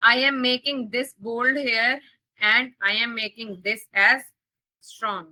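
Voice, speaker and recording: A woman's voice: on the high side, steady tone, slow, pushed and bright, poor audio. A woman with an Indian English accent teaching a live coding lesson, repeating key points and checking that students understand. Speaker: coding instructor.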